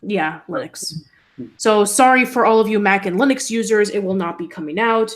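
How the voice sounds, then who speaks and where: A woman co-hosting a relaxed online talk show. She talks at an ordinary pitch and pace and reads out news items. Her delivery is halting and full of fillers. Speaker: co-host. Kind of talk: casual podcast chat.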